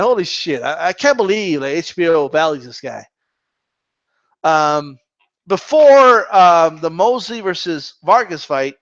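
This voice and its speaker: Man, high lively voice, profane mocking rant, dull lo-fi audio. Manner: animated, profane, mocking with mimicked quotes. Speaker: boxing channel host. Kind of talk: live Q&A rant.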